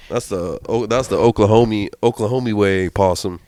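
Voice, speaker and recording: A man's voice: lowish voice, a little fast, warm tone. A young man co-hosting a podcast, telling stories in blunt, profane casual chat. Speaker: podcast co-host.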